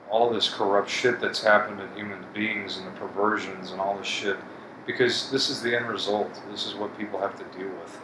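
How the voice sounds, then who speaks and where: A man talking to his channel in a blunt, profane, bitter rant about betrayal and hopelessness. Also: fairly low pitch. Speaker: vlogger. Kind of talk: casual monologue to camera. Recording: echoey room with air conditioning hum.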